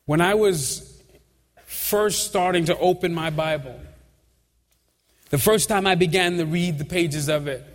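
High-voiced preacher in a reverberant hall. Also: male voice, measured pace, pauses often. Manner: conversational preaching with chuckles and asides. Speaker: pastor. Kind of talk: sermon.

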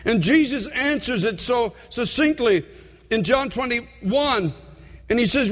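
A man preaching a sermon as a pastor, earnest and heartfelt, leaning on slow, emphatic repetitions. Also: very high voice, lively intonation, fairly bright tone. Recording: long hall reverb.

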